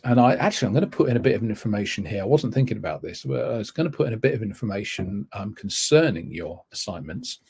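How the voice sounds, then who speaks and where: A man lectures in a webinar for language-teacher trainees. His voice is deeply husky and breathy, sitting a little low. He rambles, restarts phrases and corrects himself as he goes. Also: warm tone. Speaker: TEFL course tutor.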